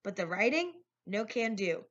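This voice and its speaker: A woman's voice: mid-range voice, very animated, normal speed. A woman voicing a laid-back, joking teenage boy who is an older brother, reading a storybook aloud. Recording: lo-fi recording.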